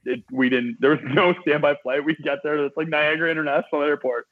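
A man's voice: on the high side, fast talker, dry recording. A man in his thirties from Canada, a guest chef telling stories in casual chat, often laughing. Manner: laughing, animated storyteller. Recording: tinny phone-like sound.

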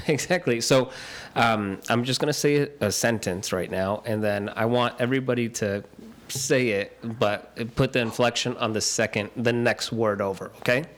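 A man co-hosting a casual podcast who reads news items aloud. He jokes his way through and trips over the odd word. His pitch sits in a middle range. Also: normal speed. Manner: jokey, stumbles over words while reading. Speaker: podcast co-host.

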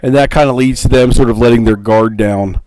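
A man's voice: medium pitch, fairly even intonation, brisk, a little mellow, dry recording, poor audio. A man co-hosting a casual movie review podcast, rambling with lots of fillers and frequent laughter. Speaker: podcast co-host.

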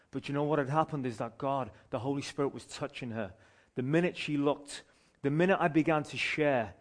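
Pastor telling a lively story. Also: male voice, medium pitch. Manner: animated storyteller, frequent restarts. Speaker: street pastor. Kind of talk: sermon testimony storytelling.

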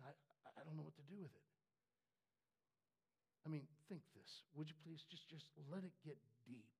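A man preaching a sermon with passion, halting and repeating words, dropping to whispers and rising to shouts. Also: a little high, creaky, husky. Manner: impassioned, swings from hushed whispers to shouts. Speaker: pastor. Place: church with a screen for the congregation.

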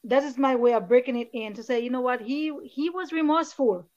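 A woman who is a children's book author, talking in an interview and reading passages from her book in soft, slow quoted voices. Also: high-pitched. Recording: dull lo-fi sound.

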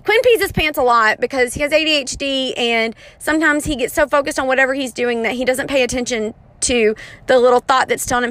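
A woman's voice: high voice, fast, dry recording. A woman in her thirties telling an embarrassing story in a casual, chatty way, often poking fun at herself. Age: 30s. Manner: chatty, self-mocking, animated retelling.

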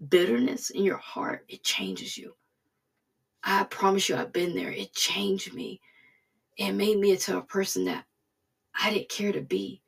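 A woman giving an informal devotional talk in an earnest, preaching manner, sometimes dropping to a soft hush. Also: on the low side, vocal fry, husky. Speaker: devotional speaker.

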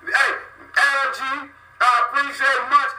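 A middle-aged man hosting his own podcast, rambling through loud greetings and shout-outs to friends, dropping low between them. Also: little pitch movement, measured pace, a little hiss or hum. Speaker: podcast host. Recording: roomy sound from far off the mic.

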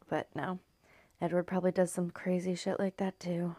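A woman's voice: lowish voice, level tone, normal speed, mellow, no room sound, studio quality. A woman from California chatting loosely through a story recap, rambling and swearing, often sinking into a near-whisper. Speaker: video host recapping a story. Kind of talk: casual recap chat.

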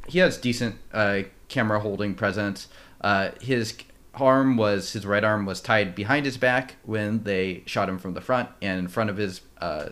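Deep-voiced man chatting about films. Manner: relaxed, measured, with frequent fillers. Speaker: podcast co-host. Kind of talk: casual film discussion.

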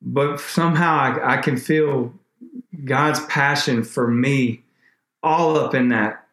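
A man, a podcast guest, telling an emotional faith story in a rambling, animated way with many restarts. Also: mid-range voice, takes it slowly, roomy sound.

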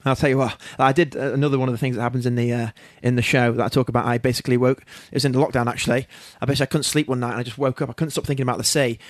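A man, a guest in a studio, telling stories in a quick, animated way. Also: medium pitch, no echo. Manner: rapid, animated storytelling with laughs. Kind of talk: casual chat.

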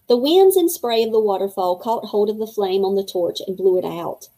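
A woman's voice: mid-range voice, expressive, moderate pace, hardly any pauses, warm tone, rough recording. A woman narrating a children's storybook aloud and giving each character a voice.

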